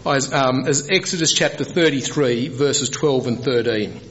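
A man preaches a sermon in a middle-pitched voice. He tells the story with energy and often climbs sharply in pitch. The recording sounds a little dull and lo-fi. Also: moderate pace, few pauses. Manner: animated, rises high when voicing Moses.

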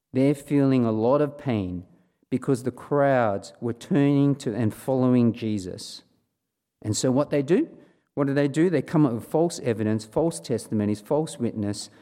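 A man's voice: mid-range voice, dark tone. A man preaching a sermon, reading scripture aloud and acting out the quoted lines in a raised voice. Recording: long hall reverb.

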